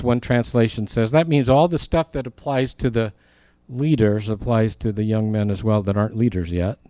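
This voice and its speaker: A man's voice: on the low side, steady tone, normal speed, few pauses, mellow, no room sound, studio quality. A man, a pastor, teaching through a Bible passage and reading verses aloud with earnest emphasis.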